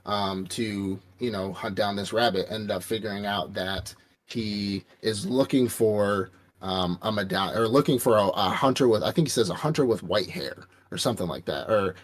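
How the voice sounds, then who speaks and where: A man's voice: on the low side, normal speed. A man casually recapping an anime on a podcast, rambling and profane, acting out quotes from the characters. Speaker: podcast co-host. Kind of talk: casual anime review chat.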